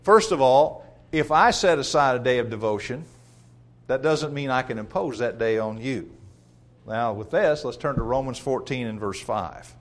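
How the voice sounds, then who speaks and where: A man's voice: mid-range voice, expressive, moderate pace. A man preaching a sermon, emphatic, reading scripture aloud and calling his listeners folks.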